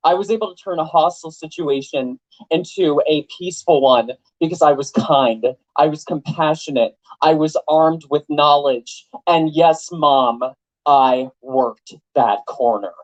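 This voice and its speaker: A young man giving an animated, joking rally speech to a live audience, full of rhetorical questions. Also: a little high, measured pace, dull audio. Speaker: political activist speaker. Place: event venue with live audience.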